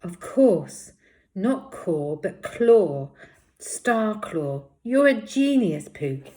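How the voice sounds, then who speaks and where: A woman reading aloud, voicing a hot-tempered, stubborn young girl rabbit in a shrill, defiant voice. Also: very animated, drawn-out words, dark tone. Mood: urgent.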